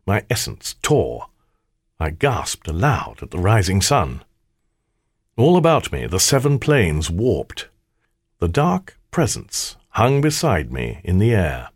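A man's voice: low-pitched, wildly swooping pitch, slow pace, breathy edge, no room sound, studio quality. A man reading a fantasy audiobook aloud, telling the story in the first person in a wry, theatrical way. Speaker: audiobook narrator. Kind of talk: scripted audiobook narration.

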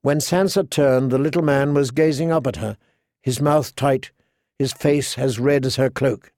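A man narrating a fantasy novel in an audiobook with measured, even storytelling. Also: mid-range voice, no room sound, studio quality.

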